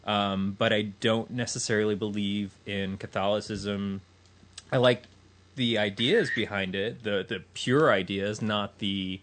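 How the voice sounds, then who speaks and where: A man's voice: fairly low pitch, steady tone, measured pace, a bit bright, a little hiss or hum. A man musing on belief in a casual podcast chat, rambling and reflective, often trailing off. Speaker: podcast co-host.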